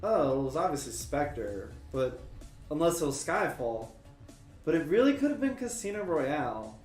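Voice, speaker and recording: A man's voice: a little high, sing-song, moderate pace, a little mellow. A man co-hosting an online trivia livestream, joking around and rambling with lots of "like". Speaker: trivia co-host. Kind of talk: casual trivia livestream chat. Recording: roomy echo with faint music.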